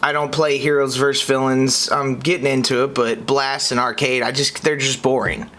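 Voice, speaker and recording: A young man from the United States hosting a podcast, reacting in an exasperated way that swings between high outbursts and low muttering. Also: flat delivery, normal speed, bright, forceful tone, a little hiss or hum. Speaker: podcast host.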